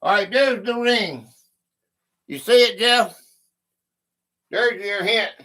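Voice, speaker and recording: Slow, bright-voiced male livestream host. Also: high-pitched. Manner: chatty, greets viewers by name, thinks aloud. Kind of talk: casual livestream chat.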